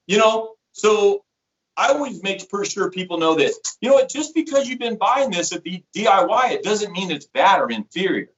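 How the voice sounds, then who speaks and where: At a normal speed and in a high-pitched voice, a middle-aged man tells stories and covers products in an easygoing interview. A sales rep, he acts out quotes with animation. The recording is muffled.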